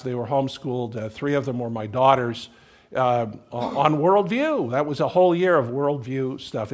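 A middle-aged man preaching a conversational sermon as pastor, folksy, with joking asides and little acted-out scenes. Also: mid-range voice.

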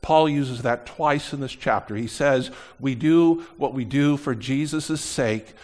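A middle-aged man preaching a sermon as pastor, animated, swinging between loud emphasis and quieter asides. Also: mid-range voice, unhurried.

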